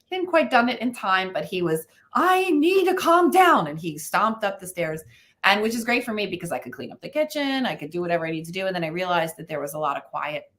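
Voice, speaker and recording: A woman from the United States speaks as a parenting expert guest in a relaxed interview. Her voice sits a little low, and she tells stories in an animated way, peppered with fillers. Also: fast. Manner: animated storytelling with frequent fillers. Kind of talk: conversational interview.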